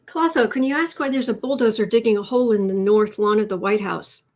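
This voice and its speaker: Woman, live-stream tarot host, emotional and chatty, slightly high voice. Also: a little fast. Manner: emotional and chatty, many restarts. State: teary with emotion. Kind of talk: live stream chat reading viewer comments.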